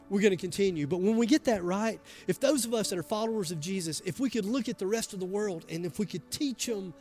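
A man's voice: sits high, darkish tone. A man preaching a conversational, emphatic sermon to a church congregation, often acting out what people say. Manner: conversational, emphatic, acts out quoted voices. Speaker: pastor. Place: church sanctuary.

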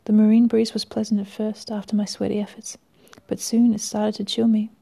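Reading a story told in the first person, this woman sounds dry and deliberate, her voice occasionally fading to nearly a whisper. The voice itself is deep and gravelly, mellow and dark, with pitch that barely moves from start to finish.

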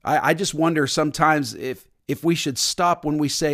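Pastor, man, slightly high voice, sermon delivery, repeats key points for emphasis. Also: normal speed. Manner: preaching with emphatic repetition and sudden soft drops.

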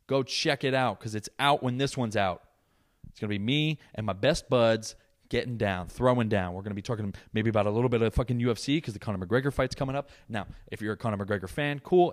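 Profane young man ranting solo. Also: lowish voice. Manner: profane, sarcastic, animated ranting. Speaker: podcast host. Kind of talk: solo podcast rant.

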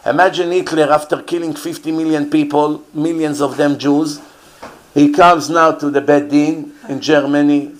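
A man's voice: on the high side, fairly even intonation, normal speed. A man teaching as a rabbi in an earnest, emphatic sermon, often repeating rhetorical questions.

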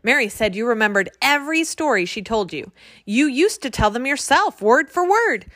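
A woman's voice: on the high side, very animated, normal speed, fairly bright tone, no room sound, studio quality, pitched above the performer's own voice. A woman voicing Jack, an earnest, polite young boy who pleads with the fairies. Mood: pleading.

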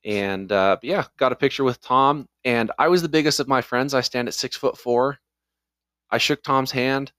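A man's voice: medium pitch, moderate pace, a bit bright, no echo, studio quality. A man co-hosting a casual podcast, telling stories and reading listener reviews aloud. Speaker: podcast co-host.

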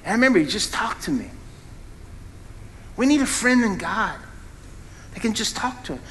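Man, middle-aged, preacher, sermon, animated, bright tense voice, faint room hum. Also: normal speed. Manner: animated preaching with sudden rises in pitch and volume, asks the congregation questions. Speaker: founding pastor.

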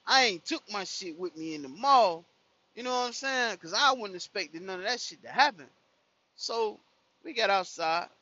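A man's voice: sits high, expressive, moderate pace, sharp tone, no echo, lo-fi sound. A young man telling a profane story in casual chat from his car, full of "you know what I'm saying". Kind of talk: casual storytelling while driving.

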